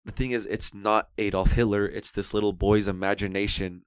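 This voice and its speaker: A man's voice: on the low side, level tone, brisk, smooth, no room sound. A young man casually chatting about movies on a podcast, enthusiastic and rambling. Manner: enthusiastic, rambling, quotes scenes in put-on voices. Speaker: podcast co-host.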